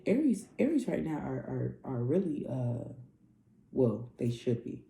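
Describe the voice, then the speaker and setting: A woman's voice: extremely low pitch, sing-song, a little slow, vocal fry, mellow. A woman spiritual coach giving a casual astrology reading, loose and profane, repeating herself like a preacher. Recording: roomy echo.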